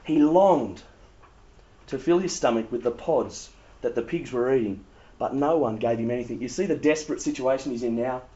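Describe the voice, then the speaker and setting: A man preaching a sermon, telling stories with animated humor. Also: medium pitch, normal speed. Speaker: pastor. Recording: dull lo-fi sound.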